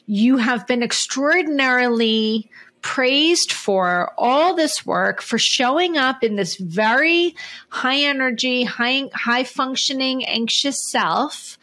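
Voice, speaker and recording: A woman's voice: sits high, takes it slowly, sharp tone. A woman hosting a podcast interview, earnest and explanatory, steering the talk with questions. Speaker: podcast host.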